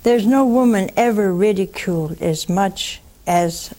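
A woman's voice: mid-range voice, warm tone. An older woman hosting a religious call-in show, blunt and fervent, answering callers. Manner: slow, blunt and fervent, calls callers honey.

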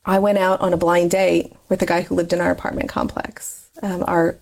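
Creaky, flat and on the low side, a woman in her 40s talks at a moderate pace as an interview guest recounting her personal life. She's open and talkative, and she laughs frequently.

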